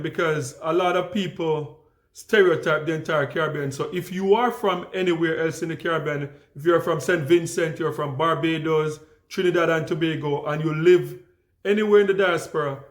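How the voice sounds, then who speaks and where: A young Jamaican man tells stories to his viewers in a relaxed, unhurried way, full of restarts and fillers. His voice sits a bit high for a man. The room around him rings with echo. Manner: calm, easygoing, frequent restarts and fillers. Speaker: vlogger. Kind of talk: casual storytelling to camera.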